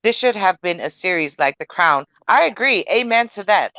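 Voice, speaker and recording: A woman's voice: medium pitch, expressive, normal speed, sharp tone, muffled recording. A woman co-hosting a casual podcast, frank and opinionated, reading viewer comments aloud. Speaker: podcast co-host.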